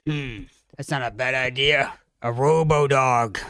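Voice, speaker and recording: A man's voice: medium pitch, a little slow, a bit bright, smooth, no echo, clean studio sound. A man playing a brash, boastful bulldog guy. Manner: boastful, pushy, swears casually. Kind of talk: improvised comedy sketch.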